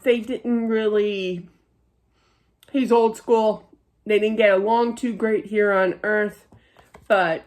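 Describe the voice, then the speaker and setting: A middle-aged woman giving a psychic reading, chatty, with many fillers and frequent laughter. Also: mid-range voice. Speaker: psychic medium. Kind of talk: spiritual reading monologue.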